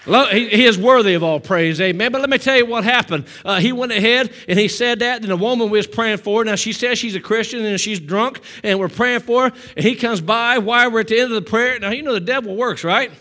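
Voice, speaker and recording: A man preaching a sermon to his church, telling a story with emphasis and calling for amens, swinging between loud and hushed. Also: high-pitched, a little fast, few pauses. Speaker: pastor.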